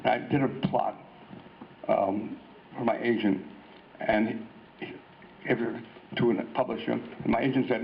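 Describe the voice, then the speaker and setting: A man's voice: medium pitch, fairly even intonation, a little slow, gravelly, pauses often. An older American man giving a rambling, anecdotal talk at a convention, often restarting his sentences. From United States. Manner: rambling storyteller with frequent restarts and hesitations. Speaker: guest author giving a talk. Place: convention hall. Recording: lo-fi hall recording with faint noise.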